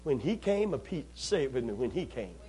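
Slight background noise sits beneath this man's medium-pitched, brisk delivery. He's preaching a call-and-response sermon, telling lively, humorous, folksy stories and getting the congregation to answer back.

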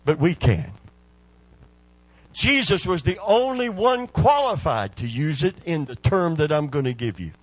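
A male preacher delivering a sermon, moving from hushed, drawn-out scripture lines to loud exhortation. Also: a little high, big pitch swings, no room sound.

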